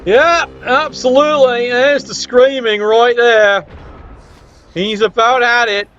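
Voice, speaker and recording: A man giving casual, sarcastic and excitable play-by-play commentary on a tabletop-style sports video game. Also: extremely high pitch, takes it slowly, highs cut off, noisy background.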